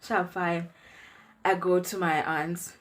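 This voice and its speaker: A woman in her twenties chatting through an animated storytime vlog. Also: fairly low pitch, takes it slowly, a little hiss or hum. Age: 20s. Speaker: vlogger.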